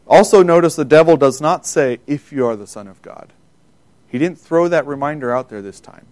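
A man's voice: on the high side, a little mellow. Emphatic man preaching a sermon. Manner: emphatic, rising for quoted scripture; pauses and self-corrects, loses place in notes.

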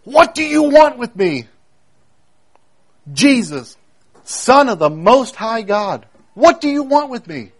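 A man's voice: high voice, sing-song, a little slow, few pauses, a little mellow, voice pushed up, exaggerated voice. A man voicing a tormented, possessed man who cries out in anguish as he reads a scripture passage aloud. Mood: frantic. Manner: pleading, anguished.

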